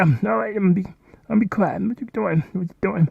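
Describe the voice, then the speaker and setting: A man's voice: sits high, quick pace, gravelly, breathy edge, dry recording. A man hosting, rambling and commenting casually over a video he is playing, often repeating himself. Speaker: host. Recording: dull, lo-fi home recording.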